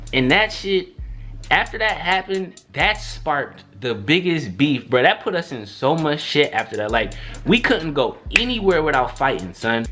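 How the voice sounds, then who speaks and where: A young man vlogging a storytime in a loose, slangy way, acting out what others said with big jumps in his voice. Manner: animated, slangy, acts out quotes with big pitch jumps. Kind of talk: storytime monologue.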